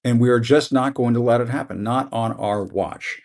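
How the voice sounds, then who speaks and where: A middle-aged male news host speaks in a conversational way with easy fillers. He builds to impassioned, emphatic commentary and keeps repeating a rallying line. His voice sits at an ordinary male pitch. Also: moderate pace, vocal fry, a little mellow. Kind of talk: passionate news commentary monologue.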